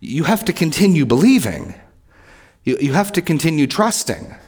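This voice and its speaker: A man preaching an expository sermon, earnest and emphatic, repeating key lines and dropping low and quiet to stress a point. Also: big pitch swings, normal speed, husky. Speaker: pastor.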